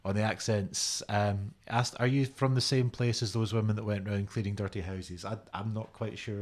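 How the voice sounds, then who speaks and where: A man hosting a live music stream from his home studio. His voice sits fairly low, and he speaks hesitantly, pausing often as he reads out messages from the chat. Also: fairly even intonation. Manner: hesitant, many "uh" fillers.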